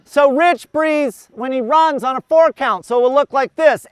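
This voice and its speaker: A man's voice: very high-pitched, moderate pace, few pauses, dry recording. A man coaching a group outdoors, explaining running and swimming cadence step by step and counting breaths aloud in rhythm. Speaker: endurance coach.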